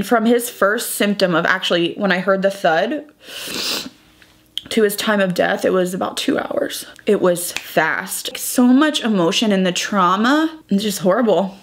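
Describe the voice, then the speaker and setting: A young woman vlogger, crying as she talks through a painful personal update. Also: mid-range voice. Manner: tearful, breaking up while retelling. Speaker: beauty vlogger. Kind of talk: emotional personal vlog.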